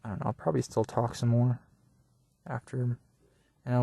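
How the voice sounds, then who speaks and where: A man's voice: mid-range voice, fairly even intonation, moderate pace, vocal fry, pauses often, mellow, no echo. A young man talking in a rambling solo monologue, meandering and crude, often trailing off into mumbles. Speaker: podcaster. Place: at work during a shift.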